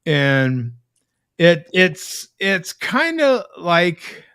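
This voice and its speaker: A man tells loose, rambling stories on a live video call and keeps checking in with "right?" His voice sits a little high for a man and leaps around a lot in pitch. The sound is dry and close. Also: big pitch swings, very slow, fairly bright tone, clear, resonant tone, no room sound. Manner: rambling storyteller, tag questions. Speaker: host. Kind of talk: casual chat.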